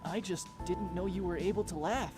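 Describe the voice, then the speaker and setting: A cocky young male teammate, voiced by a man reading a game, boastful and breezy in an everyday voice. Clear game music plays under him. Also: high-pitched, moderate pace, voice pushed down, close to an everyday voice.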